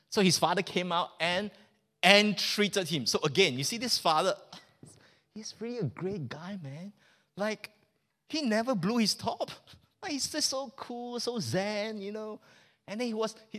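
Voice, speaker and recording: A man's voice: high voice, animated, moderate pace, sharp tone. A man preaching a sermon in a casual, joking way, often asking the congregation questions.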